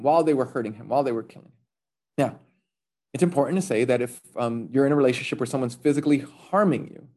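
A man's voice: a little high, darkish tone. A man preaching a sermon in a conversational, joking way, with fillers and restarts. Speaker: pastor.

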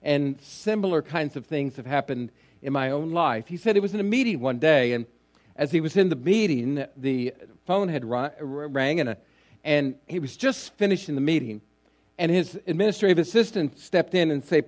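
A pastor preaches a sermon, reading scripture and then unhurriedly telling a long story in an expressive, slightly mellow voice. He often pauses on fillers and restarts, and his voice trails low at phrase endings.

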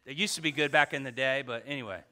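Bright-voiced preacher man. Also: medium pitch, quick pace. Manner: lively, swings from loud exhortation to hushed emphasis. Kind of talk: casual sermon.

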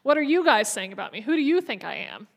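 A woman voicing a calm, weary adult male teacher, speaking in a quiet, measured way. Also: on the high side, gravelly, voice pushed down, heavily acted. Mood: probing.

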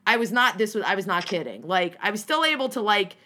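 Bright-voiced, animated young woman storyteller. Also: medium pitch, fast talker. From New Jersey. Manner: animated, profane, rambling with many restarts and acted-out quotes. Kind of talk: casual storytelling chat.

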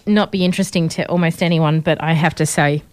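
A woman co-hosting a podcast, telling stories in a casual, animated and opinionated way. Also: sits low, fast talker, no echo. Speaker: podcast co-host. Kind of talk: casual chat.

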